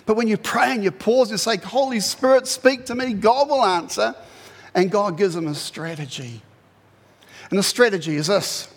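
Speaking at a moderate pace, a pastor delivers a sermon with a high, bright voice that echoes with long reverb in the hall. He animates his retelling of the story and bursts into loud, acted-out quotes.

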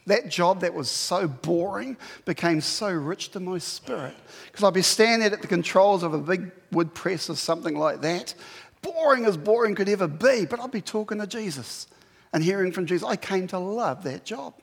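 High-voiced New preacher in a hall. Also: male voice, moderate pace, creaky, breathy edge. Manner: conversational, animated preaching with rhetorical questions. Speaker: pastor. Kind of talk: sermon. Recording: long hall reverb.

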